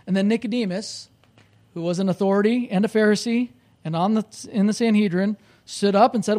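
A man pastor preaching a sermon, animated and conversational, rising loud when he voices the crowd. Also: high voice, brisk. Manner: conversational, with restarts.

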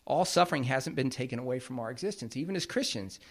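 A man's voice: mid-range voice, expressive, fast talker. A man preaching a sermon as pastor, explaining scripture in a plain, conversational way.

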